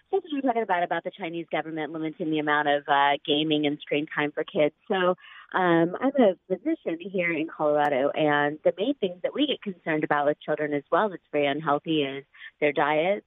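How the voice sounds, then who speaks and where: A woman calling a radio show, speaking in an earnest, measured way over the phone. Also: low voice, dry recording, narrow, tinny audio. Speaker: caller, physician. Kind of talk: radio call-in.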